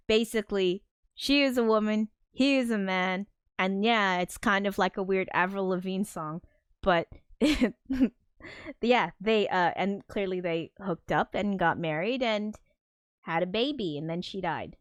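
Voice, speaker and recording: A woman's voice: medium pitch, a little slow, clear, resonant tone, dry recording, clean studio sound. A woman hosting a casual streamed film commentary, rambling with many fillers and swearing freely. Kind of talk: casual chat.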